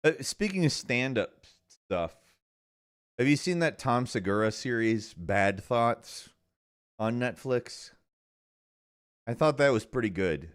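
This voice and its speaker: A man's voice: medium pitch, lively intonation, slow, long pauses, clear, resonant tone. A man hosting a live stream, chatting casually in a rambling way with lots of restarts. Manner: rambling, hesitant, many restarts. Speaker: streamer host.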